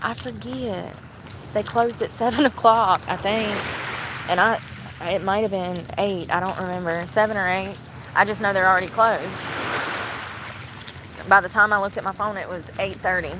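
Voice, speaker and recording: A woman's voice: medium pitch, fairly even intonation, moderate pace, long pauses. A young woman from North Carolina, rambling casually to her phone camera for a vlog. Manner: chatty, rambling, laughs often. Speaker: vlogger. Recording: outdoor noise with boat and water sounds.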